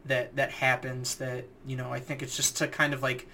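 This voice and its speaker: A young man co-hosting a podcast in casual chat, telling boot camp stories in a lively, profane way and acting out the voices of the people in them. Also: medium pitch, normal speed, vocal fry, slight background noise. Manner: animated, profane, acts out quoted voices. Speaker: podcast co-host.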